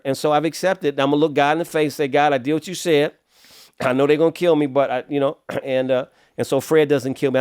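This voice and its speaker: A middle-aged man from Los Angeles, a podcast guest telling his life story in a casual, streetwise way, often clearing his throat. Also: medium pitch, darkish tone, dry recording, clean studio sound. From Los Angeles, USA.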